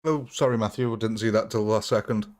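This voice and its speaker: A man's voice: on the low side, fast talker, darkish tone. Chatty man live-streaming a game. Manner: chatty, thanks viewers, laughs often. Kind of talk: casual live-stream chat.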